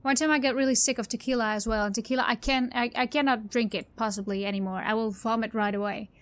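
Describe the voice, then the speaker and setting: Woman rambling thru a let's play, thinks out loud, slightly high voice. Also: steady tone, fast. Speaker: video game player.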